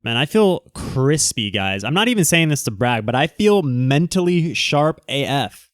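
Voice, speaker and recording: A man hosting a live stream, chatting casually and rambling through quick asides to his viewers. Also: medium pitch, sing-song, dry recording, studio quality. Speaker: livestream host. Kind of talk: casual livestream chat.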